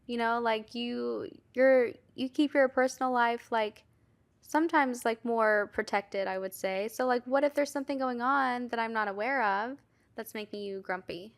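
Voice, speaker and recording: A young woman co-hosts a casual podcast, her voice a bit high and edged with gravelly fry. She talks earnestly, asks lots of questions, and leans heavily on "like." The tone is loose, friendly conversation. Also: moderate pace. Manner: earnest, questioning, heavy "like" fillers. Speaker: podcast co-host. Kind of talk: casual chat.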